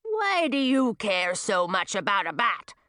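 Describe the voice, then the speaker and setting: A cackling old witch with a grasping, rude streak, as a woman puts her on in a storybook reading. She drawls brashly, her voice swinging widely in pitch. The sound is close and dry. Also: big pitch swings, a little slow, sharp tone, no room sound. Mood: demanding.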